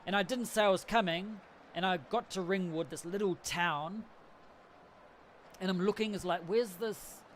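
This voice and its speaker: High-voiced man from New Zealand, rambling. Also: a little hiss or hum. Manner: rambling storytelling, laughs often. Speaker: livestream host. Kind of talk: casual chat.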